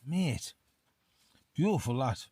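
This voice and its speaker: Inside a small tent in wintry hills, a tipsy English outdoor vlogger reviews beers to camera, chatting loosely, calling everyone "mate" constantly, and repeating himself. His medium-pitched voice is expressive, slow, dark, and a little breathy, with no echo.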